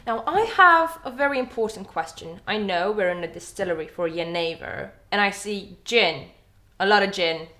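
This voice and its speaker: A woman's voice: medium pitch, normal speed, hardly any pauses, pushed and bright. A woman host asking playful, curious questions during a distillery visit. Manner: playful, inquisitive.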